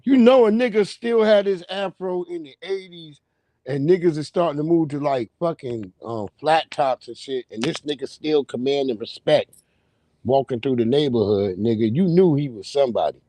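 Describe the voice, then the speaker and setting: Warm in tone and fairly high in pitch, this livestream host's voice comes through with no room sound. His casual monologue wanders through long, foul-mouthed stories that he stretches out as he goes.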